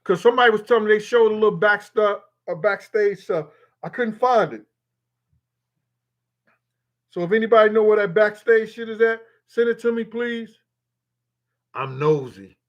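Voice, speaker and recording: A man's voice: sits high, lively intonation, moderate pace, pauses often, muffled recording. A man hosting a live stream, reading viewers' comments aloud and answering them in a loose, profane, rambling way. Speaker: livestream host reading chat. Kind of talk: casual live-stream chat.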